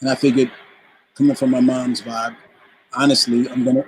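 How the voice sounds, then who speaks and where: A guest musician from the Bronx, New York, tells a story in a casual interview, his mid-range voice at normal speed. He's an animated anecdote teller who acts out the quoted voices. The recording is rough.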